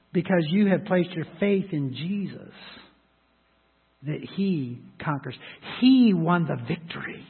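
A man's voice: a little high, slightly rough. A male pastor preaching a sermon in a conversational, emphatic way, slipping into short acted asides. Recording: phone-like audio with long hall reverb.

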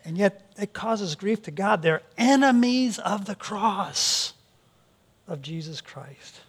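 A man's voice: high-pitched, lively intonation, slow pace, breathy edge. A male pastor preaching a sermon, earnest, often repeating words as he restarts his sentences.

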